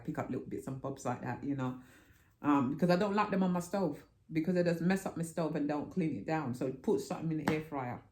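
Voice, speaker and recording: A middle-aged woman chats casually to her vlog camera from home. Her voice sits low and mellow, though it leaps up in animated, indignant bursts. The room adds a noticeable echo. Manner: animated, indignant storytelling with bursts of high pitch. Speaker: vlogger.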